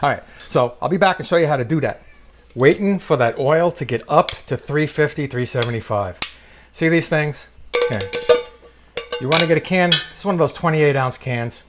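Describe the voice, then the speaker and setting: A man's voice: mid-range voice, animated, brisk, heavy background noise. A man hosting a casual cooking demonstration in a kitchen, joking and chatting to the viewer. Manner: jokey, chatty, talks to the viewer. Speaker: cooking show host. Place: home kitchen.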